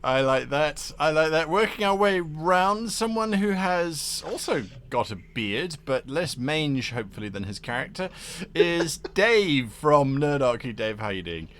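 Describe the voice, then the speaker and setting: A man's voice: a little high, sing-song, measured pace, fairly bright tone, a little hiss or hum. A man hosting and narrating a tabletop game, chatty with laughing asides and dramatic narration. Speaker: game master.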